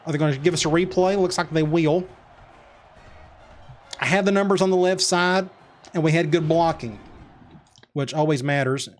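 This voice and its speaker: A man's voice: fairly high pitch, normal speed, long pauses, soft background music. A man casually narrating his own football video game, muttering play calls and reacting as he goes. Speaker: gaming commentator. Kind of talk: casual let's-play commentary.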